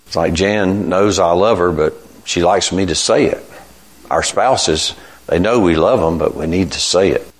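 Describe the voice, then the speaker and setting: An older man preaching an informal sermon, slow and reflective, often restarting his phrases. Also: deep voice.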